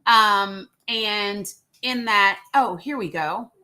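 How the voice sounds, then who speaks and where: A woman's voice: mid-range voice, extremely slow, sharp tone, low-quality recording. A woman host, chatting casually to viewers and reading statements aloud. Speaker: show host. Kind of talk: casual live-stream commentary.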